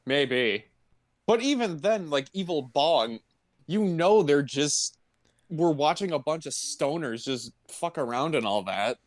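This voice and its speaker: A man's voice: on the high side, lively intonation, measured pace, no room sound, studio quality. A man co-hosting a podcast, chatting casually about a movie in a laid-back, agreeable way. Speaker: podcast co-host. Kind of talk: casual movie review chat.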